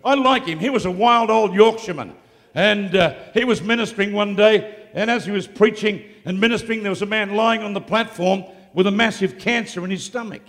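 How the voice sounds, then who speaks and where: A man preaching live to a congregation, moving between hushed storytelling and loud, shouted declarations. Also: high voice, brisk, in a large hall. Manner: swings from quiet storytelling to shouted exclamations. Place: large hall, live event.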